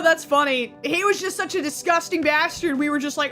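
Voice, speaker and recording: A woman giving sarcastic, excitable gaming commentary as she plays, swearing casually. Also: high-pitched, a little fast, hardly any pauses, soft background music. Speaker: gaming streamer.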